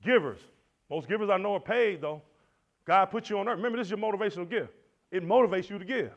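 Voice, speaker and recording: A man teaching at a Christian men's conference, animated and preacherly, swinging between loud and soft. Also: high-pitched, fast. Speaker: conference speaker. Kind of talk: motivational church teaching. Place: lecture hall. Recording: dull lo-fi recording.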